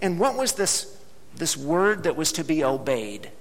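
A man preaching a sermon as pastor, speaking emphatically and slowing down to drop low on key words. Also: very animated, vocal fry. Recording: long hall reverb.

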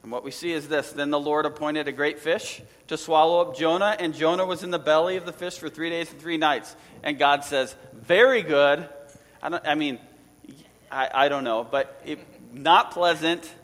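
A man preaching a sermon as pastor, animated and conversational, with asides to his listeners. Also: fairly high pitch, moderate pace, hardly any pauses, big-room sound.

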